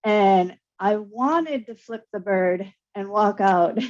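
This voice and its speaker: A woman's voice: mid-range voice, takes it slowly. A woman, an artist and curator, telling a personal story earnestly and with feeling on a panel. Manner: earnest, emotional, animated storytelling with laughs. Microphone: video call. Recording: dull lo-fi video call audio.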